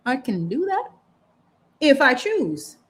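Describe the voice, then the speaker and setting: A woman, hosting a casual chat while painting, animated and opinionated, saying "like" a lot. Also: high voice, takes it slowly. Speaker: channel host.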